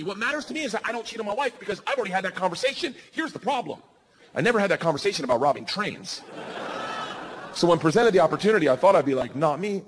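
A man on a comedy stage telling a story with energetic delivery and shouted punchlines. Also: sits high, in a large hall. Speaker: stand-up comedian. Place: comedy stage before a live audience.

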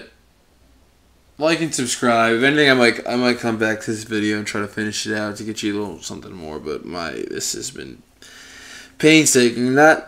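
A young man giving let's-play commentary on his own playthrough, swearing and swinging from frustrated muttering to excited yelling. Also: lowish voice. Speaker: gaming video host.

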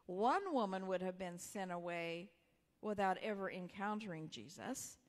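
A woman's voice: medium pitch, lively intonation, moderate pace. Woman pastor telling a story. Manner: conversational, with soft whispered emphasis. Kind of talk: storytelling sermon. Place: church sanctuary. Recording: long hall reverb.

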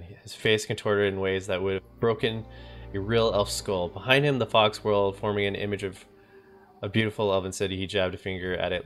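Low-voiced man reading a game story. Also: fairly even intonation, normal speed, fairly bright tone, soft background music. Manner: narrates with casual asides. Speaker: game streamer.

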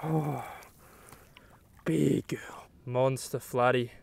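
A young man talking outdoors on the water while fishing, exclaiming excitedly to the camera. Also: medium pitch, drawn-out words, creaky, breathy edge. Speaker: fishing vlogger.

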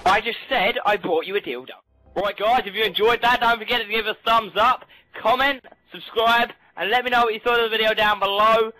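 A man's voice: sits high, fairly even intonation, a little fast, pushed and bright, poor audio. A man hosting a gaming video, chatting casually and crudely with friends, swearing constantly and joking. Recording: game music underneath.

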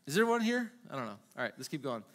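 A pastor preaching a sermon in a loose, conversational way, asking the congregation rhetorical questions and acting out little quoted exchanges. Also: male voice, medium pitch, big pitch swings, fast talker, fairly bright tone. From Minnesota.

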